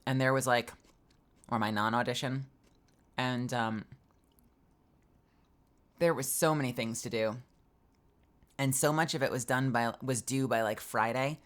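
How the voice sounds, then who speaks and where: Woman streamer from her home booth, deep-ish voice, tells stories doing everyone's lines. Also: a little slow, long pauses. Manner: animated storytelling, acts out both sides of conversations. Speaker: streamer and voice actor. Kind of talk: casual stream chat.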